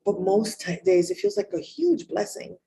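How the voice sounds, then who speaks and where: A woman's voice: mid-range voice, sing-song, moderate pace, creaky, crowd noise, poor audio. A woman preaching a raw, emotional sermon, candid and searching for words. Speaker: spiritual leader. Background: music.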